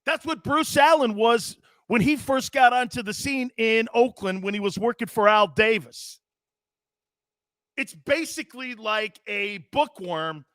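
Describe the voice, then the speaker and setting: A man hosting a sports talk show, giving animated, sarcastic, ranting opinions. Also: high voice, dry recording, studio quality.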